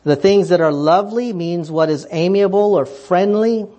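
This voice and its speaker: Emphatic preacher with a higher voice. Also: male voice, normal speed, mellow. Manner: emphatic, rhetorical questions, rising passionately then dropping low. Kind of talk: sermon.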